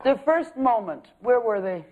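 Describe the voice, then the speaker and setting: A man's voice: very high voice, big pitch swings, unhurried. A man, an acting teacher, giving direct coaching feedback with probing questions. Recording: thin phone-like sound.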